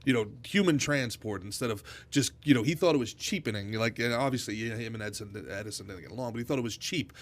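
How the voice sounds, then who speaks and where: A man's voice: medium pitch, quick pace, few pauses. A man in casual podcast chat, explaining with conversational asides.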